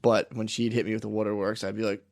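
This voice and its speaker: Fast-talking, animated male podcast co-host. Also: lowish voice. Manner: animated storyteller who acts out quotes; frequent swearing and "dude". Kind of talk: casual chat.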